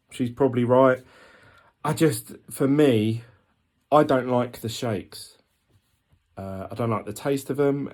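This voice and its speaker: A male vlogger with a lowish, slightly mellow voice rambles candidly through a casual diet vlog, saying "um" a lot.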